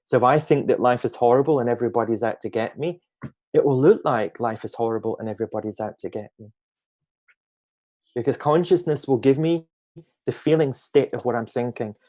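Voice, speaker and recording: A man shares reflective spiritual thoughts on a video call, at a middle pitch. His delivery is gentle and musing. He often draws out key phrases slowly for emphasis. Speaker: guest speaker on a group call.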